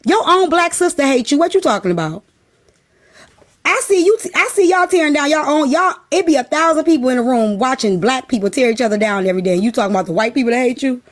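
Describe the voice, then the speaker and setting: A woman's voice: high-pitched, animated, quick pace. A woman talk-show host, ranting bluntly and profanely in casual talk.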